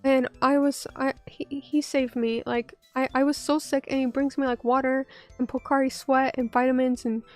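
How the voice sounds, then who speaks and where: A young woman streaming casually while hoarse from bronchitis. She rambles, cuts herself off, swears and talks back to her chat. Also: sits high, flat delivery, normal speed, faint music behind. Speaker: VTuber streamer.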